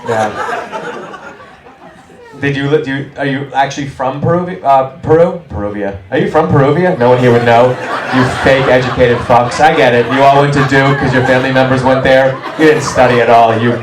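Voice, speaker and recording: A man doing stand-up crowd work, brash and teasing, firing quick jabs at audience members. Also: mid-range voice, steady tone, background noise. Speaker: stand-up comedian. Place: small comedy club. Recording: roomy club from a distance, crowd laughter. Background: audience laughing.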